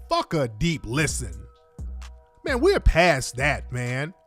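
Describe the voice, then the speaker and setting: Male radio host, emphatic and repetitive, slightly high voice, faint music behind. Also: huge pitch swings, slow, a bit bright. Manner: emphatic, repetitive, addresses listeners directly. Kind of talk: heated political commentary.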